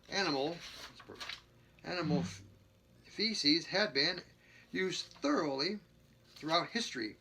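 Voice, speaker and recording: Bright-voiced man reading a book aloud. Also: on the high side, slight background noise. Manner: stumbles and restarts, chuckles, adds jokey remarks between passages. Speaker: reader.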